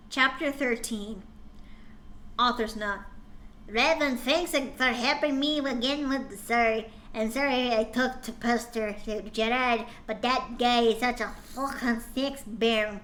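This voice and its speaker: A woman's voice: on the high side, slow, bright, forceful tone, slight background noise. A woman streamer reading a story aloud for laughs, with exasperated, mocking asides. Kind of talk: comedic dramatic reading with commentary.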